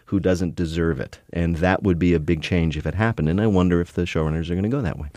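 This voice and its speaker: A man's voice: deep voice, steady tone, quick pace, mellow, no room sound. A man hosting a casual TV discussion, wry and talkative, slipping into mock voices. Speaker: podcast host.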